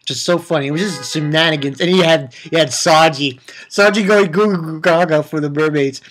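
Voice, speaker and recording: A man's voice: on the high side, moderate pace, fairly bright tone, faint music behind. A man casually recapping an anime episode, rambling with laughs, swearing and acted-out quotes. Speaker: anime reviewer.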